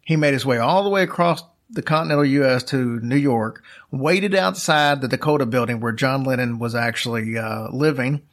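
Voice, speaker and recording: A man's voice: medium pitch, normal speed, few pauses. A man casually telling a long story as a podcast host, rambling with fillers and restarts.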